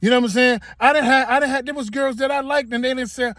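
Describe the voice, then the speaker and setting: Guy with a high voice telling a story to camera, emphatic, keeps repeating himself, dry sound. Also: fairly even intonation, quick pace, few pauses, fairly bright tone, no room sound. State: getting emotional. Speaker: vlogger.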